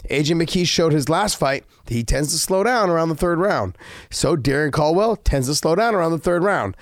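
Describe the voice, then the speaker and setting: Male co-host, slightly high pitch, eager casual delivery, dry mic. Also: lively intonation, normal speed, dry recording. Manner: eager, stumbling restarts, casual swearing. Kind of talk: casual podcast chat.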